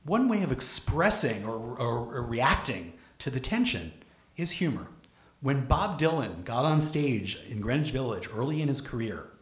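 A man from Brooklyn gives an animated public lecture in a roomy, echoing hall. His voice sits at an ordinary pitch, and he keeps tossing questions out to the listeners and restarting his sentences as he thinks aloud. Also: moderate pace, hardly any pauses. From Brooklyn, New York. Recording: echoey lecture room.

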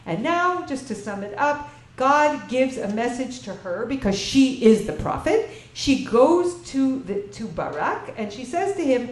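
A woman's voice: on the high side, very animated, measured pace. A woman teaching a Bible class to an audience, asking them questions and reading verses in Hebrew before translating them. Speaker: lecturer. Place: lecture room with an audience. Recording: echoey room with faint ambient noise.

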